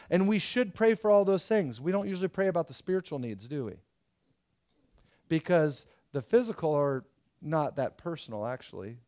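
A middle-aged man preaching a sermon as pastor, telling stories in an animated way. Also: a little high, moderate pace. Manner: animated storytelling with acted quotes.

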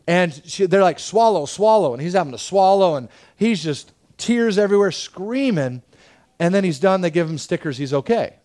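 Pastor, male, 30s, emotional storyteller, slightly high voice, sermon delivery swinging from soft to loud.

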